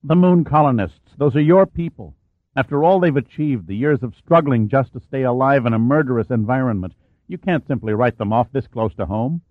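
A man's voice: mid-range voice, fairly quick, dry recording, lightly acted. A man voicing a cold, detached male official with a vague, dull manner, on a tinny, dry recording. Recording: tinny phone-like sound, dry.

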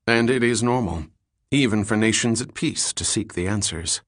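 A man voicing a cool, skeptical male detective who speaks curtly and with measured firmness in an audiobook reading. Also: lowish voice, dry recording, clean studio sound, natural voice. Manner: curt, measured.

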